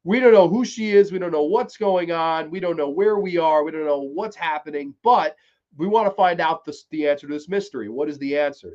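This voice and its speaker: A man hosting a live-streamed TV review, talking casually, swearing freely and excitedly retelling scenes. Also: on the high side. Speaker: podcast host reviewing a TV series. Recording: dull lo-fi stream audio.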